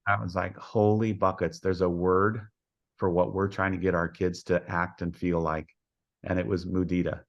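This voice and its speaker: A man with a very deep voice tells stories as a podcast guest, in a folksy, homespun way. He acts out the dialogue in his anecdotes as he goes. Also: flat delivery, normal speed, vocal fry, lo-fi sound. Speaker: head softball coach, podcast guest. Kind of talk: storytelling in a podcast interview.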